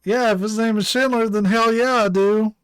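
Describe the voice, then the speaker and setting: A man's voice: high-pitched, steady tone, normal speed, clean tone, dry recording, studio quality, faint music behind. A man giving live commentary on his game, self-deprecating and rambling, often laughing at himself. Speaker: game streamer.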